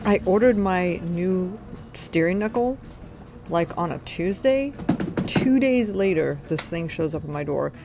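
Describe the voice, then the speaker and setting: A woman's voice: fairly low pitch, expressive, a little slow, vocal fry. Woman, DIY car vlogger, chatty, jokey asides, music in the background. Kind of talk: casual chat.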